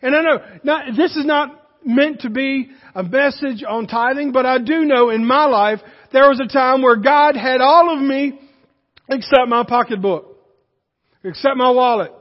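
A man preaching a sermon, telling a folksy story with lively animation. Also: very high voice, a little slow, big-room sound, muffled recording. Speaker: pastor.

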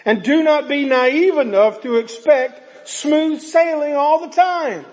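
A man's voice: extremely high pitch, a little mellow, long reverb tail. A man preaching a sermon, retelling a scripture story dramatically and earnestly. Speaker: pastor.

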